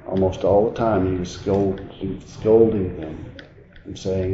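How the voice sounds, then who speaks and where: Man, preacher, sermon, slow deliberate delivery, swings from hushed to emphatic, roomy dull recording. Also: low-pitched, steady tone, noisy background. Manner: swings from quiet reflection to raised, emphatic preaching. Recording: dull, roomy sound with faint ambience.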